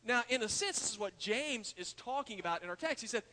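A man's voice: very high voice, lively intonation, brisk, pushed and bright. A male pastor preaching an earnest sermon in a church, building to emphatic points. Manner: earnest preaching, frequent uh fillers and restarts, rises to emphatic points. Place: church sanctuary. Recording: long hall reverb in a church.

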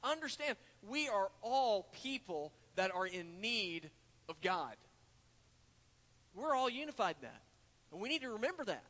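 In a church sanctuary, a male pastor with a high-pitched, very animated, slightly bright voice preaches an earnest sermon at a measured pace. He uses frequent "uh" fillers and restarts while building to emphatic points, and long hall reverb fills the recording.

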